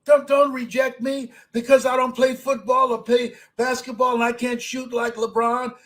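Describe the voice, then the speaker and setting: A man in his seventies giving a motivational speech, emphatic, repeating phrases and swinging from soft talk to shouting. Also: very high voice, level tone, moderate pace, poor audio. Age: 70s. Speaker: motivational speaker.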